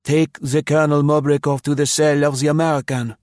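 A man's voice: fairly high pitch, level tone, brisk, a little mellow, no room sound, studio quality, voice pushed up, close to an everyday voice. A man voicing a respectful male prison orderly in an audiobook.

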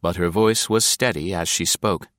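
A man narrates an adventure novel in a measured, dramatic reading. His voice is very deep and low. The recording is dry and close, with no room sound. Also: a bit bright, no room sound. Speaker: audiobook narrator. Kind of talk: scripted narration.

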